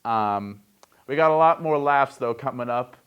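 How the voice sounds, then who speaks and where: A man's voice: mid-range voice, a little slow, smooth, lo-fi sound. Wry young man hosting comedic sports news. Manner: wry, joking asides. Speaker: sports report host.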